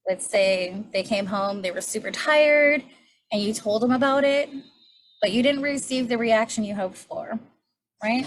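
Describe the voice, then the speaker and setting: A woman in her forties teaching a healing class on triggers, candid and conversational, often checking in with a rhetorical "right?". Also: fairly high pitch. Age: 40s. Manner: candid, conversational, self-disclosing. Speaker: class facilitator.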